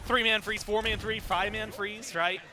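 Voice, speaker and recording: A man giving excitable play-by-play commentary on an esports match, his voice climbing on the big plays. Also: sits high, normal speed. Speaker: esports caster.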